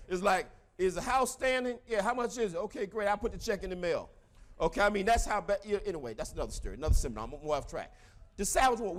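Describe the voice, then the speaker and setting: A Southern US man in his forties delivers a motivational seminar talk, emphatic and repetitive, punctuated by bursts of shouting. His voice sits high.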